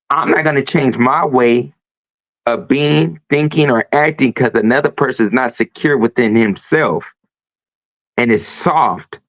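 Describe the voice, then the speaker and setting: A man's voice: mid-range voice, a bit bright, no room sound. A man hosting a livestream talk show, ranting emphatically with a lot of profanity. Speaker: host. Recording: dull lo-fi stream audio.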